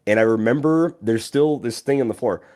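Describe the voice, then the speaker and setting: A young adult man hosting a casual podcast, animated and quick to laugh, trailing off into mumbles at times. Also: medium pitch, a little hiss or hum. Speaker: podcast host.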